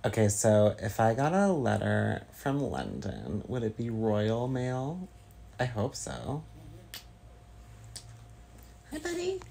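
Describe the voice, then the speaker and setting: Slow-talking male streamer. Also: on the low side, huge pitch swings, gravelly, warm tone, a little hiss or hum. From Northern California. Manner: slow, rambling, sighing. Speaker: livestreamer. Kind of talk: casual chat with viewers.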